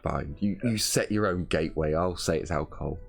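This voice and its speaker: Deep-voiced game master. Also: male voice, a little fast, creaky, faint music behind. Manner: wry, joking, narrates with asides. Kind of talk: running a tabletop game, casual chat.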